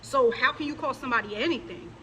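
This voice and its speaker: A woman's voice: on the high side, quick pace, bright, forceful tone, a little hiss or hum, low-quality recording. A woman vlogger delivering a scolding, confrontational rant straight to her viewers, mocking the people she addresses. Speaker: religious vlogger. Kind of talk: direct-to-camera rant.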